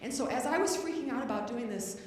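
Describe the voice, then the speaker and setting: A woman spiritual director, giving a humorous sermon and acting out her own scared voice and loud outbursts. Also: a little high, lively intonation, fast, a little hiss or hum. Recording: roomy hall, voice from a distance.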